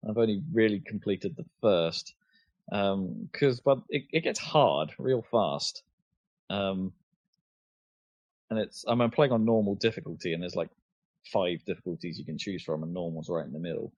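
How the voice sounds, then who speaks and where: A man's voice: low-pitched, normal speed, a little mellow, dry recording. Hesitant man on a lo-fi podcast. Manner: hesitant, many fillers and restarts. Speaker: podcast co-host. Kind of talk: casual chat. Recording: dull lo-fi podcast audio.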